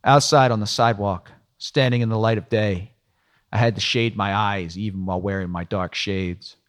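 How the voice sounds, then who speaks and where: A man's voice: on the low side, steady tone, normal speed. A man narrating a first-person audiobook in a dry, sardonic storytelling manner.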